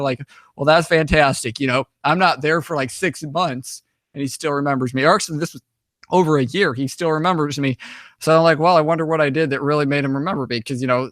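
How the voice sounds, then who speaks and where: A man's voice: on the high side, pushed and bright, no echo, clean studio sound. A young man casually telling travel stories over slides, rambling with many restarts and fillers. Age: young adult. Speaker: guest, author and traveler.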